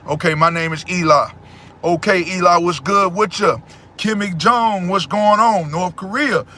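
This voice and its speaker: A man hosting a casual livestream, answering his chat in a loud, preachy way and repeating phrases. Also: high voice, measured pace.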